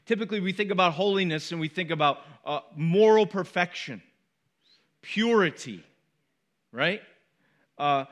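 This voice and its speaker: A middle-aged male pastor with a high, light voice delivers a sermon with emphatic repetition. He talks to his congregation conversationally, dropping in quick asides between his stronger points. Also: a bit bright. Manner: emphatic, repeats key words with rising force.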